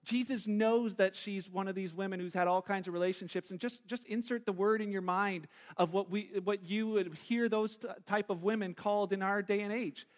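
A middle-aged man preaching a sermon to a congregation in a relaxed, conversational way, often acting out the people in the story. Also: sits high, moderate pace, hardly any pauses. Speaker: pastor. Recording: long hall reverb.

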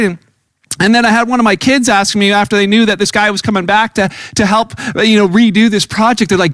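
A man's voice: high-pitched, steady tone, fast talker, fairly bright tone, no echo, low-quality recording. A middle-aged male pastor giving a conversational sermon, often restarting phrases and acting out quoted voices.

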